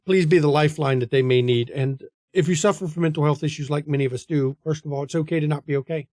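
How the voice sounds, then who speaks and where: A man's voice: on the high side, darkish tone, no room sound, studio quality. A man hosting a tabletop game stream, chatting casually and earnestly in the outro. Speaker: game master and host.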